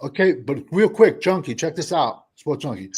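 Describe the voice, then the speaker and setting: Man, raspy edge, quizzing co-host, number-driven sports talk. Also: fairly high pitch, expressive, moderate pace, darkish tone. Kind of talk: casual sports debate.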